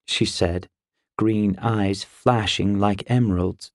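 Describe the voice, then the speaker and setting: A man narrating a fantasy audiobook in a measured, even storytelling voice, recorded close in a quiet booth. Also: lowish voice, no echo.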